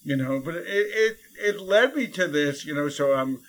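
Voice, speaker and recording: Animated New man telling a story. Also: a little high, normal speed, a little hiss or hum, poor audio. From New York City. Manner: animated and chatty, many fillers and laughs. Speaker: interview guest. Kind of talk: storytelling in a conversation.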